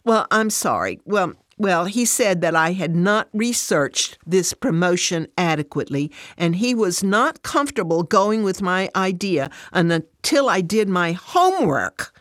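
A woman voicing a defensive, upset working mother, speaking higher and more emotionally than her narration. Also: very animated, unhurried, few pauses, no room sound, studio quality. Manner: raised pitch, emotional and defensive.

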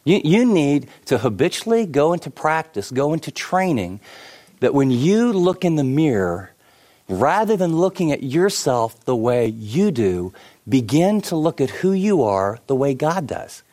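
A middle-aged man preaching a sermon, telling stories with many asides and shifting between lively and hushed delivery. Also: fairly high pitch, unhurried. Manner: animated storytelling with many asides. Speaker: pastor.

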